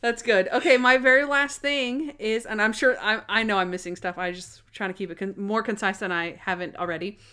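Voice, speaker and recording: Smooth-voiced woman gushing over a TV episode. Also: medium pitch, steady tone, bright, forceful tone. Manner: gushing, quick to act out dialogue in character voices. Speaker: podcast co-host. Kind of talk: casual chat reviewing a TV episode.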